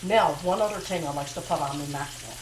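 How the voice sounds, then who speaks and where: A woman chats through her cooking in a kitchen, her voice sitting slightly low. She keeps it a touch hushed, repeats her own lines and talks to herself. A frying pan sizzles clearly under her words. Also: fast talker, noisy background. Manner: talking a little low and hushed. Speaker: home cooking vlogger. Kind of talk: casual cooking chat to camera. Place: home kitchen. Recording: home kitchen recording, audible pan sizzle.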